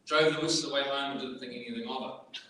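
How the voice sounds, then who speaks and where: A man preaching a sermon, telling a personal story in an animated, reflective way. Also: mid-range voice, fast, a little hiss or hum. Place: church. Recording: echoey church hall, distant mic.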